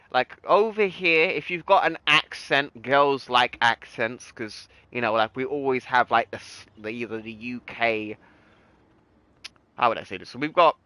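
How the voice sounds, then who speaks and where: Rambling young British man, bright voice. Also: mid-range voice, dry recording, rough recording. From United Kingdom. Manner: rambling, full of "like" and restarts. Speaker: streamer. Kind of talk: casual chat on a gaming stream.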